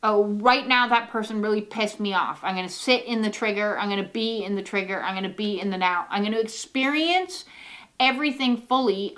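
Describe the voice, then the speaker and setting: A woman's voice: fairly high pitch, a bit bright. A woman giving a casual, rambling oracle card reading, full of fillers and the odd swear word.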